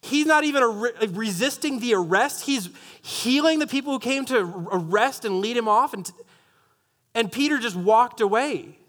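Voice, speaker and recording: A man preaching a sermon as pastor, animated and jokey, often restarting sentences and making wry asides. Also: very high voice, moderate pace.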